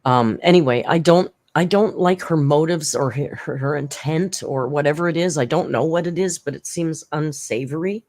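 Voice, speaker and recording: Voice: mid-range voice, moderate pace, hardly any pauses, darkish tone. Blunt, rambling commentary host. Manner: rambling and blunt, with frequent restarts and asides. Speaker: drama commentary channel host. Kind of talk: casual spoken commentary.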